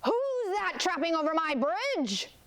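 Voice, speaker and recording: A mean, ugly male troll, as a woman puts him on for a storybook reading, roaring menacing threats with swooping, lively pitch. The growl comes and goes, stretched out and then blurted fast. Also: no room sound, full character voice.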